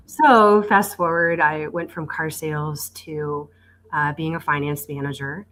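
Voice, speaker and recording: A woman in her forties recounts her working life as a podcast guest, her voice sitting low in pitch. She tells it as a story, animating the quoted exchanges. She often restarts her words with small stammers. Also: steady tone, measured pace, fairly bright tone, poor audio. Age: 40s. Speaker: guest, dealership executive. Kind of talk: conversational storytelling.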